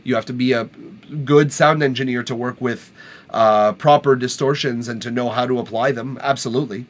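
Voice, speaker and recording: A man's voice: medium pitch, fairly even intonation, moderate pace. Blunt man streaming live. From Quebec, Canada. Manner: blunt, candid. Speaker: host reviewing listeners' music. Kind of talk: casual live-stream chat.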